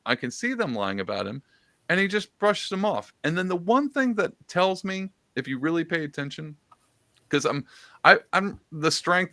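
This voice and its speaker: A man hosting a podcast, talking in a casual, relaxed way. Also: a little high, dry recording, clean studio sound. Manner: casual, relaxed, uses slang like dude. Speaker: podcast host. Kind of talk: casual political chat.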